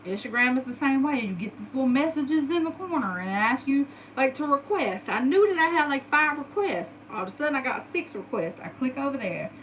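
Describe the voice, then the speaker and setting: A woman in her thirties telling a personal story in a casual, animated and profane way. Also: sits high, brisk, few pauses, a little hiss or hum, poor audio. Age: 30s. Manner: animated, profane, dramatic retelling. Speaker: storyteller vlogger.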